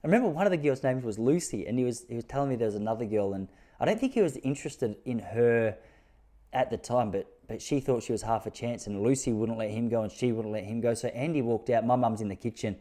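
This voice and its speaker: Aussie bloke podcasting solo, warm mellow tone, easygoing yarn-telling. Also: male voice, quick pace. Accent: Australian. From Australia. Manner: laid-back, self-mocking, jumps to high-pitched disbelief when telling jokes. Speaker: podcast host. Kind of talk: casual storytelling monologue.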